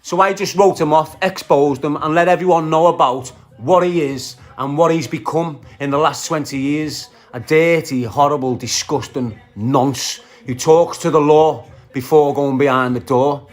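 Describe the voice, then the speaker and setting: On a phone livestream, a Scouse-accented Liverpool man rants aggressively with plenty of profanity, swapping insults and calling out viewers by name. His voice is on the high side and steady, at normal speed with hardly any pauses, and faint music plays behind him.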